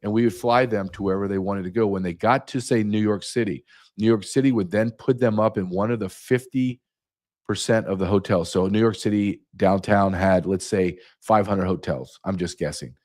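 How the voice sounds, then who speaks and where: A man's voice: on the low side, normal speed, a little mellow. A man speaking as a guest, emphatic and repeating key numbers for effect. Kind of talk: emphatic interview talk.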